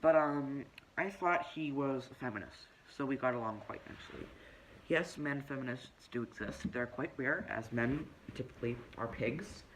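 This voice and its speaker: A man's voice: medium pitch, normal speed, background noise, close to an everyday voice. A man playing a self-righteous, preachy young woman who tells her story in a pompous, lecturing comedic monologue. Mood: indignant. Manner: pompous, lecturing, deadpan self-important delivery.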